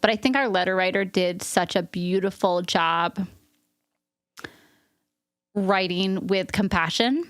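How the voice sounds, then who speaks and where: A woman's voice: mid-range voice, slow, pauses often, no echo. Woman, podcast co-host, emotional, earnest, rambling, dry sound. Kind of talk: casual chat.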